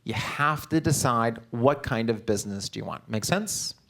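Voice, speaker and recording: A man leads a live business seminar in a direct, upbeat coaching manner. His voice sits in an ordinary middle pitch. He keeps checking in with the audience through short questions. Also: animated, creaky, a bit bright. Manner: peppers talk with quick check-in questions to the audience. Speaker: real estate seminar presenter.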